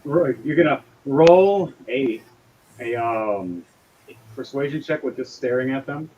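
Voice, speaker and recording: A man's voice: medium pitch, animated, unhurried, dark tone. A man narrating as game master in casual, profane table talk. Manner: casual, swears freely, voices figures briefly. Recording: slightly dull lo-fi audio, faint hiss.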